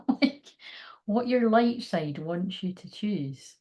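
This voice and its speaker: A woman's voice: medium pitch, lively intonation, slow pace, warm tone. A woman doing a live card reading for her viewers. She rambles and thinks aloud in a chatty, informal way. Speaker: tarot card reader.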